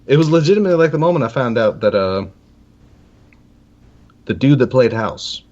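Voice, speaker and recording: A man's voice: mid-range voice, expressive, moderate pace, a little mellow, a little hiss or hum. A man co-hosting a casual gaming podcast, laid-back and rambling with lots of fillers. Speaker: podcast co-host. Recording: dull lo-fi audio.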